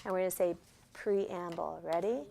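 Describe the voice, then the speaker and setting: A woman's voice: lowish voice, steady tone, normal speed, vocal fry, dark tone, a little hiss or hum. A woman teacher giving classroom instruction, guiding students step by step with patient questions. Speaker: special education teacher.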